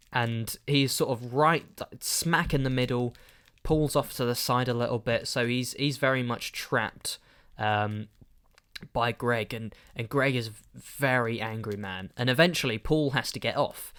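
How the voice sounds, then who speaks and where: A man's voice: medium pitch, unhurried, clean tone. A man, casually telling a podcast story with rambling asides and fillers. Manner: rambling, animated, lots of fillers. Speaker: podcast host.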